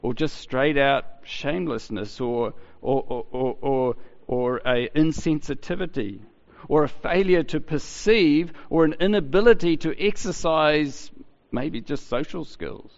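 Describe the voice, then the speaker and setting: A man preaching a sermon in a chatty, halting way, often restarting his sentences. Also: fairly high pitch, gravelly. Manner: conversational, halting with many restarts. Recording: dull sound with long hall reverb.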